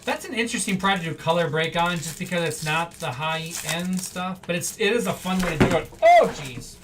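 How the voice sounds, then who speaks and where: A card-break host chatters casually while opening packs on a live stream, rambling off the cuff with chatty asides. The voice is mid-range and brisk. The mic sounds slightly distant, and a faint hum sits in the background.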